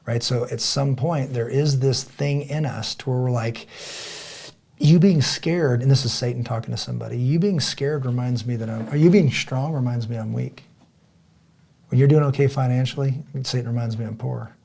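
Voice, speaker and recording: A man's voice: mid-range voice, fairly quick, vocal fry, slightly rough. A man co-hosting a casual podcast, telling stories animatedly and acting out quoted dialogue. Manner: animated storyteller, acts out quoted dialogue loudly. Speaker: podcast co-host.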